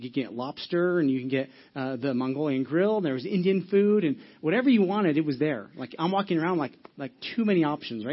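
A man preaching a sermon at a fast clip, voice a little higher than most. He tells his story with frequent restarts and quick acted asides. The audio is dull and lo-fi. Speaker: pastor.

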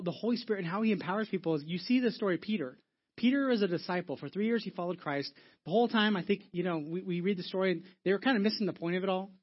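A man's voice: sits high, muffled recording. A man preaching a sermon as a church pastor, telling stories conversationally with frequent restarts and repeated words.

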